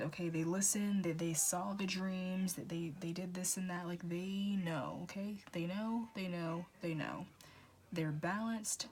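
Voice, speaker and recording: A woman doing a casual tarot reading, talking in an animated, repetitive way with swearing and stumbles. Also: lowish voice. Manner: animated, repetitive, profane, often restarting words. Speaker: tarot reader.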